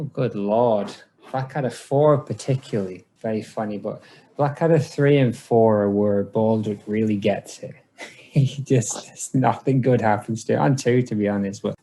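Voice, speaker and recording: A man co-hosting a podcast, chatting casually and recounting a TV scene as a lively storyteller with many fillers. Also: lowish voice, normal speed. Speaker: podcast co-host.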